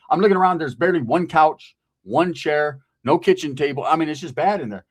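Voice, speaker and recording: A man's voice: on the high side, a little fast. A man from Central California telling a casual street story in a profane, streetwise way, often tagging lines with "right?".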